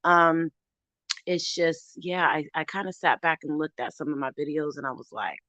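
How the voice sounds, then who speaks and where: Earnest low-voiced woman, muffled recording. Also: steady tone, moderate pace, bright, forceful tone, no room sound. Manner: earnest, heartfelt, with frequent restarts. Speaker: recovery channel host. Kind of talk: casual livestream chat.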